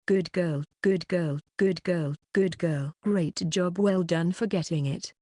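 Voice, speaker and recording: A woman voicing a deadpan teenage boy with a flat, teasing delivery. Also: fairly low pitch, slow, dry recording, studio quality.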